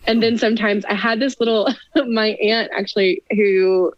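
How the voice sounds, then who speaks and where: A woman's voice: medium pitch, steady tone, moderate pace, muffled recording, a little hiss or hum. A young woman in her twenties chatting as a podcast guest, laughing often and making self-deprecating asides. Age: 20s. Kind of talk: casual chat.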